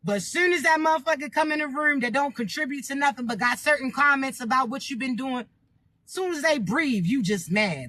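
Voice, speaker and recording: A woman with a high, bright and cutting voice talks straight to her viewers in a casual spiritual reading. She preaches emphatically, keeps hitting them with rhetorical questions and swears without holding back. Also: lively intonation, moderate pace. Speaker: spiritual reader addressing viewers.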